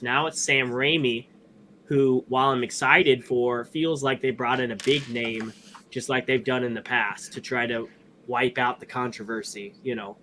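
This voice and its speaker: A man co-hosting a podcast, chatting casually about films in an animated, rambling way with many restarts. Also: medium pitch, moderate pace, slight background noise. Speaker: podcast co-host. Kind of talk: casual movie review chat.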